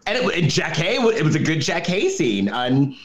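A man co-hosting a podcast, telling a film's plot with sarcastic, animated storytelling in casual chat. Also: fairly high pitch, moderate pace, roomy sound. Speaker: podcast co-host. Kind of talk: casual movie-review chat. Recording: dull lo-fi sound.

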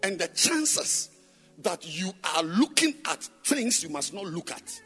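A pastor with a high, bright voice preaches into a church microphone. He fires repeated questions at the congregation, his pitch leaping all over. He swings from loud sing-song chanting down to low murmurs. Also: sing-song, unhurried, breathy edge, faint music behind. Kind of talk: sermon.

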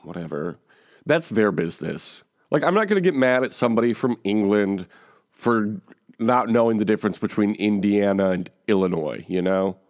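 A man hosting a casual podcast, joking around and tossing mumbled asides between louder bits. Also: lowish voice, moderate pace. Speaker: podcast host.

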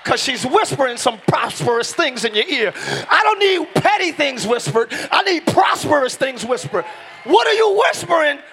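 A middle-aged man preaching a sermon in a church, shouting key lines and slowing down for emphasis while joking with the congregation. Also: very high voice, big pitch swings, a little hiss or hum. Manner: joking, talks directly to the congregation. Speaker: pastor. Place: church sanctuary.

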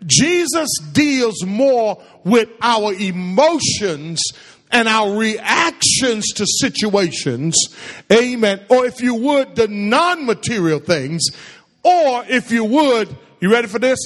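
A man's voice: high voice, very animated, slow, long reverb tail. A man preaching a sermon to a congregation, firing questions at them and drawing call-and-response replies. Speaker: pastor.

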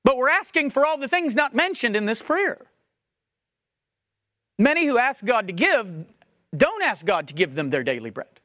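A man's voice: very high-pitched, sing-song, normal speed, long pauses, sharp tone, no echo, clean studio sound. A man preaching a sermon, emphatic and questioning, repeating phrases for stress. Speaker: pastor.

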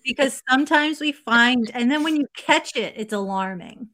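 Woman guest, bright tone, lively pitch, giggly rambling storyteller. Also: normal speed. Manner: giggly, animated storytelling with lots of "like". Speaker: podcast guest. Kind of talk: casual chat.

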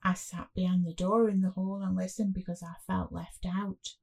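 A woman's voice: fairly low pitch, flat delivery, moderate pace, vocal fry, a little mellow, breathy edge. A woman voicing a frightened five-year-old boy who speaks in a small, pleading voice in a spoken story. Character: scared little boy, five years old.

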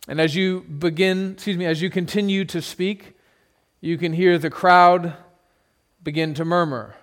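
A pastor preaching a sermon, retelling a scene in vivid second person with dramatic pauses. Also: male voice, a little high, fairly bright tone.

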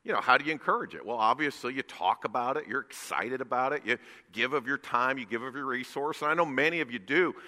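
A man preaching a sermon in a church, emphatic and rising to loud bursts. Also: medium pitch, in a large hall. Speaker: guest preacher. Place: church sanctuary.

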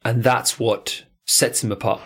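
Brief: casual guy, surf podcast co-host, lively and profane. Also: mid-range voice, a little slow, husky. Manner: animated, swearing, jokey. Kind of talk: casual chat.

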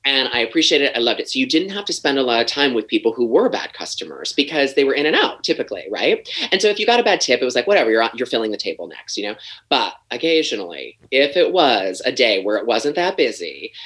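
A man's voice: medium pitch, quick pace, poor audio. A man talking as a podcast guest, telling stories casually, swearing freely and laughing through his own tale. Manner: animated, swears freely, laughs mid-story. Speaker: podcast guest, former waiter. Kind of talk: casual storytelling in conversation.

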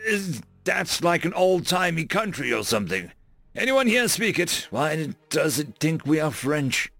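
A man voicing a stern starship captain who barks orders and often shouts. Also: on the high side, big pitch swings, measured pace, creaky, no echo, voice pushed up, heavily acted. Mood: commanding.

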